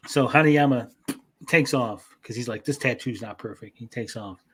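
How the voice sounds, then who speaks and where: Male co-host, casual and profane, mid pitch, breaks into quick quoted voices while recapping. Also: fairly bright tone. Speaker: podcast host. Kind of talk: casual chat.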